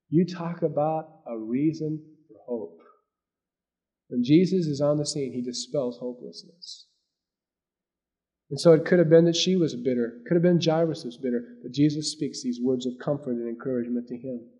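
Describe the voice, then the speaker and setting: A male preacher delivering a sermon with a slightly raised pitch. He surges into loud, emphatic lines, then drops to near-whispered asides. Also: normal speed, dull audio. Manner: dynamic preaching, swinging between loud emphasis and hushed asides. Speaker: pastor.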